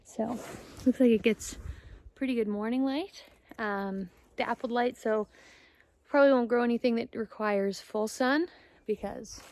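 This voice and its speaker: Outdoors in a wooded yard, a woman vlogs casually, thinking aloud and unsure of her plans. Her voice is a little high and slightly mellow.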